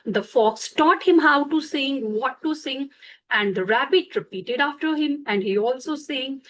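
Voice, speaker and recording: A woman narrating a bedtime story slowly, pausing to explain words for children, with fillers and self-corrections. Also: sits high, fairly bright tone, a little hiss or hum, low-quality recording.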